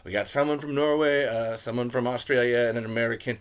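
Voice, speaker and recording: A man's voice: mid-range voice, steady tone, quick pace, clear, resonant tone. A young man hosting a casual movie commentary podcast, ranting with sarcastic, profane asides. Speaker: podcast host.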